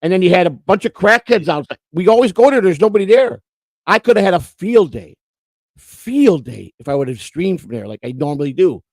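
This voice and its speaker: A man's voice: sits high, very animated, fairly quick, darkish tone, no room sound. A man from Florida co-hosting a casual livestream, telling long rambling stories and swearing freely. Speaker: co-host.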